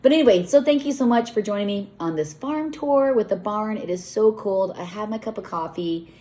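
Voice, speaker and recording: A woman's voice: medium pitch, fairly quick, warm tone. A middle-aged woman who owns a farm, chatting casually and rambling as she gives a tour outdoors in the cold, often talking to her animals. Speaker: farm owner and vlogger.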